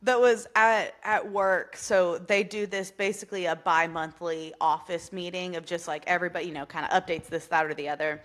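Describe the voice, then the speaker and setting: A woman's voice: on the low side, fairly even intonation, brisk, hardly any pauses, a bit bright. A woman co-hosting a podcast in casual chat, telling stories in an easygoing way on a video call. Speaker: podcast co-host.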